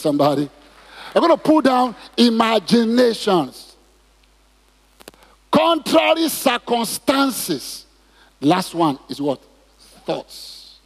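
In a reverberant hall, a pastor with a high-pitched, husky voice delivers a church sermon. He poses questions to the congregation and draws out their responses.

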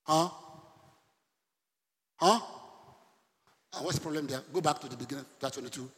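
A man preaching a sermon to a congregation, animated, quizzing his listeners and breaking into laughter and loud outbursts. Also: mid-range voice, normal speed. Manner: animated preaching, sudden shouts and laughs, asks the congregation questions. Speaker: pastor. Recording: long hall reverb.

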